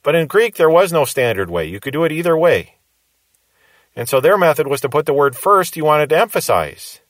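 A man's voice: on the high side, big pitch swings, a little fast, no room sound. A man preaching a verse-by-verse Bible teaching sermon, explaining patiently and repeating key phrases for emphasis.

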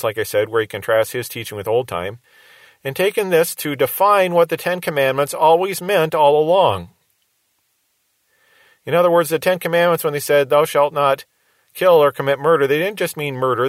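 A man's voice: medium pitch, no echo. A man giving a radio Bible teaching in an earnest, reasoning way, posing rhetorical questions to his listeners.

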